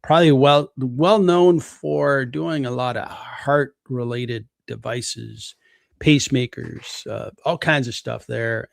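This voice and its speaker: A man's voice: medium pitch, gravelly, no room sound, clean studio sound. A man hosting a live stream, walking casually through a company's stock valuation and thinking aloud as he goes. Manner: relaxed, thinking aloud with fillers. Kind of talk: casual stock analysis talk.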